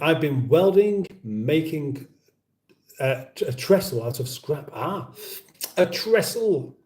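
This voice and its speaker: A man's voice: a little high, a little mellow, recorded from a distance. A man hosting a casual live chat and reading viewer comments aloud, rambling and self-interrupting with dry humour, recorded in an echoey room. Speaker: livestream host.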